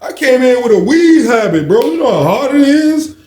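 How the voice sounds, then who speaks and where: A man acting out a defensive young male inmate who pleads his case in a high, whiny voice. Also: very animated, normal speed, mellow. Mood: pleading. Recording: roomy echo.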